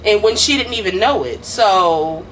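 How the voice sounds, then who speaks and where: A woman's voice: medium pitch, animated, measured pace, slight background noise, rough recording. A woman casually recapping a TV drama episode with a co-host, swearing and acting out the characters' lines.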